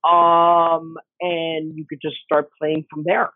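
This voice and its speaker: Slow-paced and a little high, this middle-aged man's husky voice arrives dry over a tinny phone line. As a game designer guest in casual conversation, he tells anecdotes with animation, voicing the characters himself.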